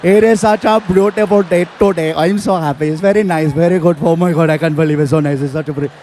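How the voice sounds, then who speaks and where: A man's voice: fairly high pitch, fairly even intonation, quick pace, a little mellow, a little hiss or hum, pitched below the performer's own voice, natural voice. A man voicing a cheerful, chatty male hotel clerk with an Indian accent, sing-song and reassuring. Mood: gushing.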